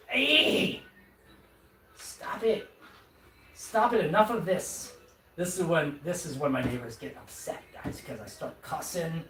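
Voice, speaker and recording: A streamer assembling furniture on a live stream gives a rambling, self-mocking running commentary, full of stammers and restarts. The mid-range voice is far from the mic. The recording has roomy echo and a faint noise floor.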